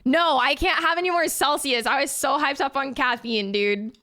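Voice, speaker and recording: A woman's voice: sits high, moderate pace, pushed and bright. A woman game streamer chatting casually with viewers, giggly and rambling. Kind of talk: casual live-stream chat.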